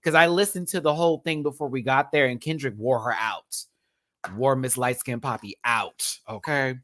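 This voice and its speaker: A man, hosting a casual livestream from home, chatty and expressive, swearing freely and thanking viewers as he tells stories. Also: medium pitch, normal speed. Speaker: livestream host. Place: home, indoors.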